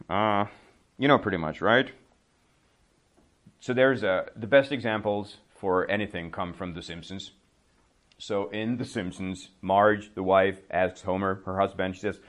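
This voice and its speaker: A man in his thirties with a somewhat low voice runs a relaxed English lesson. He chats his way through everyday phrases, laughs easily, and slips into quick acted-out examples. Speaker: English teacher. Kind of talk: casual spoken English lesson.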